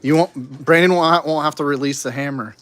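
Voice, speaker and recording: A man's voice: on the high side, a little fast, a bit bright. A man hosting a casual group chat on a livestream, joking and telling stories while talking over others. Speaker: shop owner and live show host.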